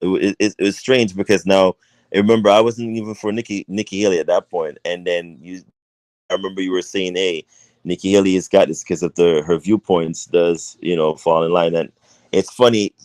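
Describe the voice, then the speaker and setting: Low-voiced relaxed male co-host. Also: moderate pace, no echo, low-quality recording. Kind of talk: casual political chat.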